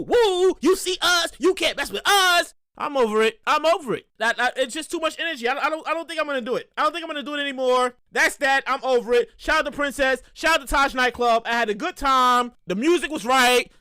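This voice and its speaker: Male podcast host, high lively voice, bright tone, rambling storyteller who acts out voices. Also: dry recording, studio quality. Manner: animated storyteller, acts out voices, repeats himself. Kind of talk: casual solo monologue.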